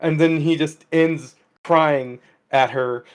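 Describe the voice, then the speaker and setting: This podcast co-host has a fairly high, clean voice and a steady tone, and he takes things slowly. In a casual, loose comedy show he tells a meandering story, putting on the characters' voices for their lines.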